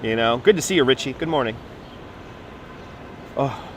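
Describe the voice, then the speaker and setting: A man's voice: mid-range voice, expressive, moderate pace, a little hiss or hum. A man chatting casually on a livestream as a tour guide, talking playfully into a phone held in his hand outdoors. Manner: chatty, playful, drifts into put-on accents. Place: outdoors in a city park.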